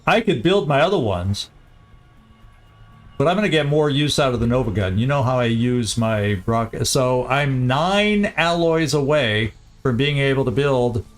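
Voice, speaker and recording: A man talks through his game plans as he streams, his voice sitting at an ordinary middle pitch. He mutters, restarts and repeats words as he thinks aloud. Faint game music plays underneath. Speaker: gaming streamer. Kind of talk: casual gameplay commentary.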